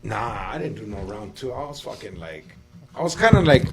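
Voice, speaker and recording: A man's voice: lowish voice, sing-song, brisk, gravelly, husky. A man telling a crude story in casual chat, rambling and slangy, full of fillers. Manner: slangy, rambling, heavy with fillers like dog and fool.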